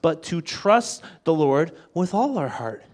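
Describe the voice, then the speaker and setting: Young guy preaching to a youth group, fairly high voice, jumps all over the place, jokey and animated. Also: slow. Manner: animated and jokey, acting out quoted thoughts. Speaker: youth pastor. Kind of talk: energetic youth sermon.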